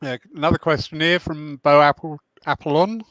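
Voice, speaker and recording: A man hosting a spiritualist discussion, measured and thoughtful, reading out viewers' questions. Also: a little high, fairly even intonation, a bit bright, dry recording, low-quality recording. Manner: measured, thoughtful, hesitant fillers. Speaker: host.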